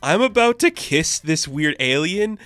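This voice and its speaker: A man's voice: on the high side, very animated, a little slow, fairly bright tone, dry recording, voice pushed up. A man voicing a nervous teenage boy hero in a comic book recap, anxious and jittery. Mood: panicked.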